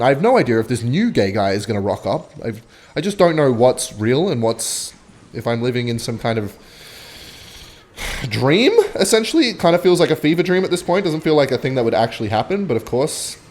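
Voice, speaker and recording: Animated young man telling a story. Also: medium pitch. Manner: animated, swearing, bursts of excitement while playing. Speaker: gaming vlogger. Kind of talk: storytime commentary over gameplay.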